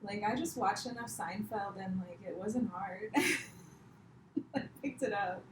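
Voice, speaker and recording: A woman's voice: mid-range voice, takes it slowly, background noise. Chatty woman with an American accent. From India. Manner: chatty, laughs often, fillers like "like". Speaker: podcast guest, comedian. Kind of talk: casual chat. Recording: echoey room.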